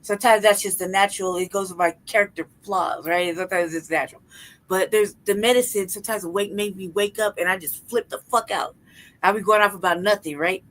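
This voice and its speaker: A woman's voice: mid-range voice, brisk, poor audio. Profane, laughing woman telling stories. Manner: profane, animated storytelling with frequent laughter. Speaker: podcast co-host. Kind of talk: casual chat.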